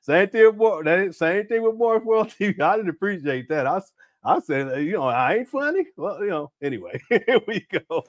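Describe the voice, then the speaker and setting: A man's voice: high voice, fairly quick. A man hosting casual livestream commentary, rambling with many restarts and fillers and breaking into laughing banter with viewers. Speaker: host.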